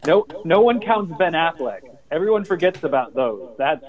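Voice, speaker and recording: A man's voice: fairly high pitch, sing-song, moderate pace, dull audio. A man co-hosting a casual comedy chat show, ranting with profane exaggeration. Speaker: co-host.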